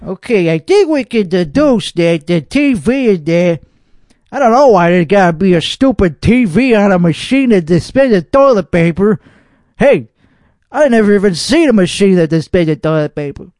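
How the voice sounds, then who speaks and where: Texan guy ranting at reddit videos, cussing a lot, pretty high voice, dry close sound. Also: animated, moderate pace, darkish tone, no room sound. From Texas. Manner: rambling, profane, mock-outraged. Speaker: podcast host. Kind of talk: casual reaction commentary.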